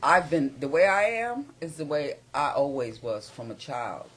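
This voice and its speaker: An older man talks as a guest in a small studio, blunt and candid. He hops from one thought to the next and doesn't soften anything. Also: fairly high pitch, big pitch swings, moderate pace, slightly rough. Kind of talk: casual chat.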